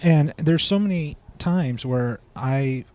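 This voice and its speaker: A man chatting as a podcast guest and drum instructor, telling stories in a lively way and acting out what people said. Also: fairly high pitch, slow. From Seattle, Washington. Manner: animated storyteller who acts out quoted speech. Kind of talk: casual podcast chat.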